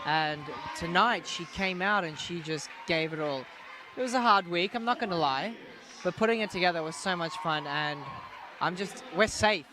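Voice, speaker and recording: A man's voice: high-pitched, moderate pace, a crowd in the background, background noise. A man being interviewed as a dance partner, talking in an upbeat, casual way. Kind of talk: live backstage interview. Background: music.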